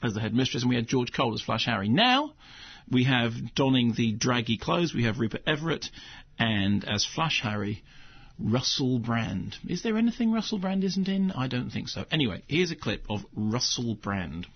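A husky male film critic on the radio, delivering wry, cutting verdicts at an ordinary pitch. The sound is a touch dull and muffled, like a radio broadcast. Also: sing-song, moderate pace.

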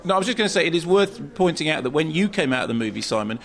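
Film critic guy on the radio, gets excited and stumbles over his words, slightly high voice. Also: very fast, creaky. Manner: excitable, repeats words while riffing. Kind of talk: casual radio chat.

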